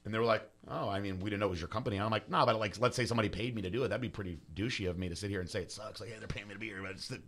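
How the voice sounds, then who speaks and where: A young man talks fast, piling one thought onto the next. His voice is fairly low but bright and forward. He co-hosts a podcast with a brash, joking manner and plenty of swearing. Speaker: podcast co-host. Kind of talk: casual chat.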